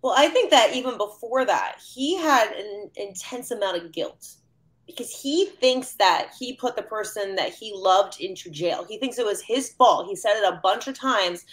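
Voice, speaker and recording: A woman joins a casual panel discussion and talks in an animated rush. She piles up quick asides and fillers as her thoughts run on. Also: medium pitch. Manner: animated, rapid asides with many "like"s. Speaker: counselor panelist.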